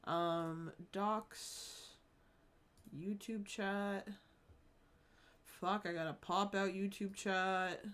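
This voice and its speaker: A woman's voice: medium pitch, steady tone, extremely slow, pauses often, fairly bright tone, smooth. A woman streaming live, chatting casually with her viewers, swearing freely and laughing often.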